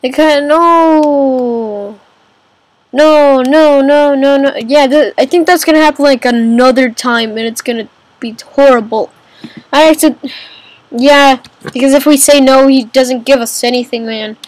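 A woman's voice: high voice, fairly even intonation, unhurried, dry recording, poor audio. A woman giving casual let's-play commentary on a kingdom game, chatty and exclaiming, calling everyone man and dude. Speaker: gamer playing a kingdom game.

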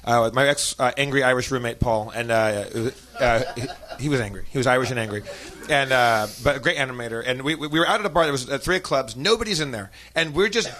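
A man's voice: mid-range voice, quick pace. A man from Milwaukee telling a story on a podcast, stammering and repeating words and laughing as he goes. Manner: stammering, animated, laughs through stories. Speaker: podcast guest telling stories. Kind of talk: casual storytelling chat.

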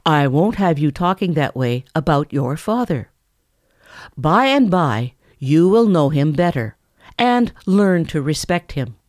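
A woman's voice: sits low, big pitch swings, measured pace, a little mellow, no echo, clean studio sound. A woman voicing a stern mother bear scolding her cubs firmly. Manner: firm, scolding.

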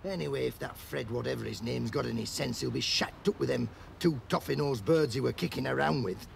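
A man's voice: mid-range voice, a little fast, a little hiss or hum. A man playing a crude joking gravedigger. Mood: fed up. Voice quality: gruff, crude banter. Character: coarse joking working-class gravedigger man. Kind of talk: film acting. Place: outdoors on location. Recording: echoey location sound from a distance.

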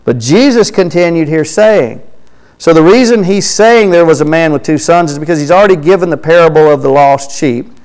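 A man preaching in a church sanctuary, his voice sitting a little higher than most. He reads scripture with swelling emphasis, then drops into soft, low-key asides to the congregation. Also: lively intonation, a little fast, poor audio. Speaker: pastor. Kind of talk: sermon, reading scripture aloud.

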